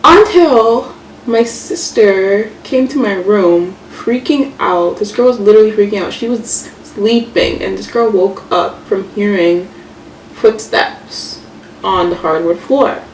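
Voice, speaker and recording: A young woman vlogger telling a story casually while doing her makeup, chatty and animated, full of fillers and swearing. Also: mid-range voice, slow. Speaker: beauty vlogger. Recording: echoey room, mic far off, faint hiss.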